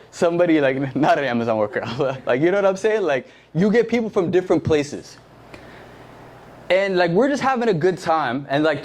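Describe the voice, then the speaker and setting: Young man preaching with a casual story. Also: a little high. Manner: conversational, heavy use of "like", lively anecdotes. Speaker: youth pastor.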